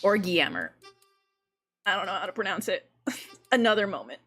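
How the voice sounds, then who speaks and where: This young woman, brought up in an English-speaking country by a Korean mother, is giggly and talkative on a livestream, laughing often as she speaks. Her medium-pitched voice sounds animated, brisk and slightly bright, with faint music in the background.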